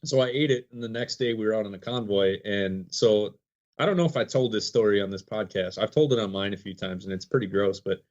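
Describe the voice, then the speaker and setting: A man's voice: fairly low pitch, fairly quick, darkish tone, dull audio. A man telling a long story on a podcast as a guest, acting out quotes and laughing often. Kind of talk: casual storytelling.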